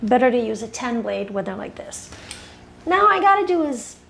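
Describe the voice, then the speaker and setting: A woman's voice: on the high side, sing-song, normal speed, vocal fry, fairly bright tone, a little hiss or hum. A woman dog groomer talking viewers through a groom while she coaxes and firmly corrects the dog. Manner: coaxing and firm with a dog, chatty asides to viewers. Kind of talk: grooming tutorial talk. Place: grooming table indoors.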